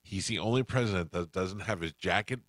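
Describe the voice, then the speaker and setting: A man's voice: deep voice, brisk, a bit bright, no echo. A middle-aged man hosting a radio show, telling rambling anecdotes and acting out the people in them. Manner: rambling anecdotes, acts out quoted voices. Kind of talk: casual storytelling chat.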